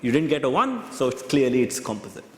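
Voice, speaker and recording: Halting male lecturer in an echoey hall. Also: mid-range voice, big pitch swings, darkish tone. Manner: halting, repeats himself, checks understanding often. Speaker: university lecturer. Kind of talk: classroom lecture.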